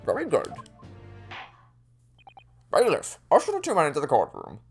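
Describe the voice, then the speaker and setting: A formal older judge speaks in quiet, measured tones, read by a man. His pitch still moves a lot as he runs the game's court. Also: huge pitch swings, breathy edge, faint music behind, exaggerated voice.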